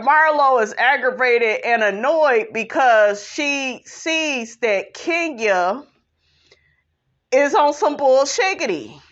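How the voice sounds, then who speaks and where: A woman with a fairly high voice talks slowly and sassily through a show recap, full of opinions and asides. The recording sounds dull and lo-fi. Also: fairly bright tone. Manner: sassy, opinionated, calls viewers honey and child. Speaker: reality show recap vlogger. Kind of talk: sassy recap commentary.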